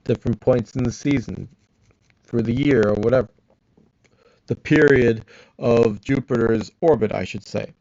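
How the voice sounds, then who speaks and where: A man rambles through his own theories aloud, talking back at a video as he goes. His voice sits at an ordinary middle pitch, close and dry, with a slightly dull, lo-fi sound. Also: normal speed, creaky, long pauses, a little mellow, dry recording. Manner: rambling, thinking aloud, mutters to himself. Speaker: reacting vlogger. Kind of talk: arguing back at a science video.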